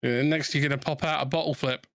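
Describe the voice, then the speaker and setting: A man's voice: mid-range voice, steady tone, fast talker, creaky, no echo. A man with a South East London accent, chatting loosely with friends over a game and restarting his sentences often. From England. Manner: rambling, restarts often, laughs easily. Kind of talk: casual chat over gameplay.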